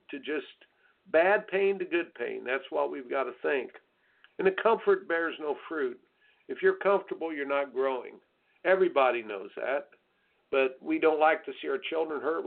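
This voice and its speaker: A creaky, rather high male voice, heard over a tinny phone line, belongs to an American tennis coach hosting a radio show of coaching advice. Blunt and folksy, he preaches and mocks soft attitudes in sing-song asides.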